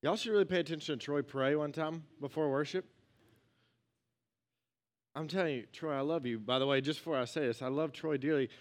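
A man's voice: fairly high pitch, a little fast, pauses often. A young man preaching a casual, joking sermon in a church, talking to his congregation like friends and acting out little quotes. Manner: joking, conversational, acts out quotes. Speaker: pastor.

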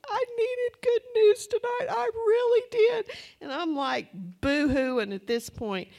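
A woman preaching a testimony sermon, telling her story in a chatty, breathless way and acting out her own past words. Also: on the high side. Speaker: church speaker.

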